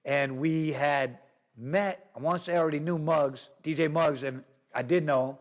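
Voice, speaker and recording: A middle-aged New Yorker with a somewhat high voice tells a wild story as an interview guest at a moderate pace. He is animated and profane, acting out other people's voices, including the cops'.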